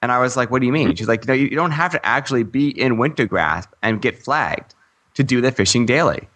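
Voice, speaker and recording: A man's voice: medium pitch, lively intonation, fairly quick, fairly bright tone. A man co-hosting a gaming podcast in casual chat, rambling with fillers and laughing often. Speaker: podcast co-host.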